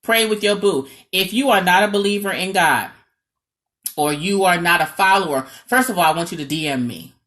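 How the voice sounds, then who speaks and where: A woman with a New York accent gives marriage advice straight to the camera. She talks in an animated, dramatic way with a sarcastic edge. She keeps pausing to ask her listeners "okay?". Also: fairly low pitch. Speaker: marriage coach. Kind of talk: direct-to-camera advice talk.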